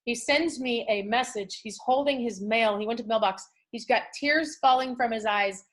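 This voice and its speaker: A woman's voice: on the high side, normal speed. A middle-aged woman from California giving a motivational talk to a group in a chatty storytelling way, acting out what people say. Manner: chatty, storytelling, acts out quotes. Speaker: motivational speaker.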